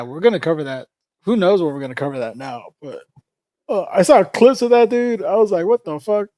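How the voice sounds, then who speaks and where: A male livestreamer chats loosely with his viewers, swearing freely and laughing between thoughts. His voice sits somewhat high for a man. The sound is dry, with no room echo. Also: mellow. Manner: rambling, profane, laughs often. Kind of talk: casual livestream chat.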